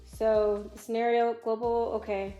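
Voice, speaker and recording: A woman reads online posts aloud and comments, chatty and opinionated. She thinks out loud and sits a touch high. The room is echoey, with faint music underneath. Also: little pitch movement, a little slow, dull audio. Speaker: vlogger. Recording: roomy echo, faint music.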